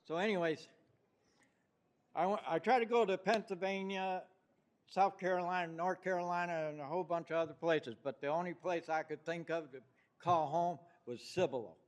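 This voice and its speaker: A man's voice: fairly high pitch, moderate pace. An older man with a New York accent giving a rambling, heartfelt public comment at a city council meeting. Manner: rambling, heartfelt, with many fillers.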